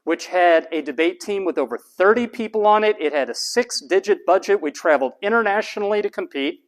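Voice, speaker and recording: A middle-aged man from Texas, a college professor giving a lively classroom lecture and stressing his points by repeating words. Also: high-pitched, fairly quick.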